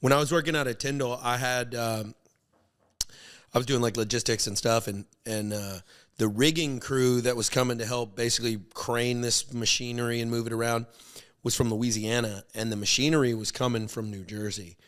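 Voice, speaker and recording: A man's voice: medium pitch, steady tone, normal speed, fairly bright tone. Young guy cohosting a podcast, casual chat, acts out voices when he tells a story. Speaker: podcast co-host.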